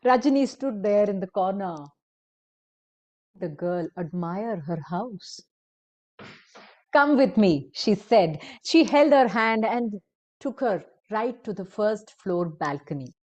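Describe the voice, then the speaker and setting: A woman telling a story to an adult audience. Her narration is slow and unhurried, with an expressive lift and drop in the phrasing. Her voice sits at a middle pitch for a woman.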